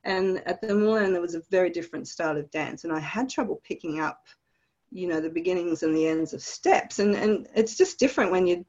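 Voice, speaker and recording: An Australian woman with a fairly low voice recounts her memories in a lively, descriptive way, often laughing as she goes. The recording sounds a little dull and lo-fi. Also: fairly quick. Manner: animated, vivid storytelling with laughs. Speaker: guest. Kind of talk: storytelling in a podcast interview.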